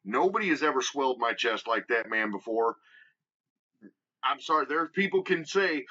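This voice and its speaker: A man with a Midwestern American accent, guest on a podcast, telling stories in an animated, emphatic way and acting out what others said. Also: medium pitch, normal speed, breathy edge. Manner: animated storyteller, emphatic, acts out quotes. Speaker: guest wrestler. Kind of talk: casual storytelling interview. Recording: dull lo-fi podcast audio.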